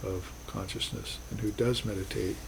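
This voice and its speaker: A man's voice: fairly low pitch, fairly even intonation, moderate pace, creaky, background noise. A man teaching a class on spiritual philosophy, talking in an earnest, reflective way with emphatic bursts. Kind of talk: recorded class lecture.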